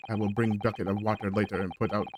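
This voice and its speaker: A man voicing a gruff foreign sailor who speaks in broken English. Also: fairly low pitch, flat delivery, very fast, noisy background, natural voice. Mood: grumbling. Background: game music.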